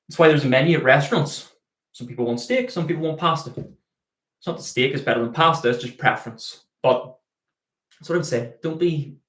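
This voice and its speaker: A man's voice: fairly high pitch, a bit bright, reverberant. A man, a dog trainer, answering viewer questions in a live Q&A, explaining with everyday analogies and acting out the dog's thoughts.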